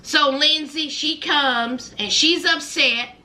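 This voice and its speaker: A woman with a Southern twang giving a sassy, animated recap of a reality TV show, calling her viewers honey and baby. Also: sits high, slow pace. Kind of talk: casual recap commentary.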